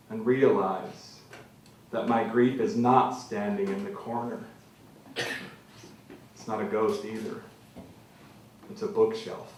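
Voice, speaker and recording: Man, author reading aloud, mid-pitched, measured, dramatic, repeating phrases, very echoey hall, distant mic. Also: a little hiss or hum. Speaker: author reading his own work. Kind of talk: live literary reading. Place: literary venue before an audience.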